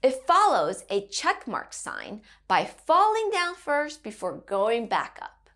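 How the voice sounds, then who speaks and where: Animated, slow-speaking woman teaching kids. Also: a little high. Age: adult parent. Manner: cheerful, slow and clearly enunciated, teacherly. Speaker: Mandarin teacher. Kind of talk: children's language lesson.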